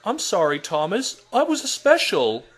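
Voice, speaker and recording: A man voicing a gentle, polite male engine in a fan redub of a children's cartoon, earnest and kind. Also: high voice, wildly swooping pitch, normal speed, breathy edge, heavily acted. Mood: friendly.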